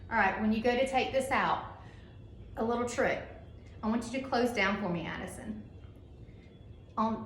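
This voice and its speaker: A woman instructor, demonstrating a procedure to a class in a loud, upbeat teaching voice that she sometimes softens to soothe a patient. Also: mid-range voice. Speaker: dental assisting instructor. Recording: echoey room with faint noise.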